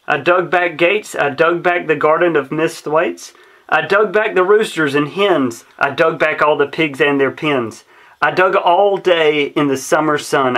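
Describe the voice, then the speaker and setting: A man's voice: a little high, a bit bright. A man reading a rhyming children's story aloud in a rhythmic, sing-song way. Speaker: storybook reader.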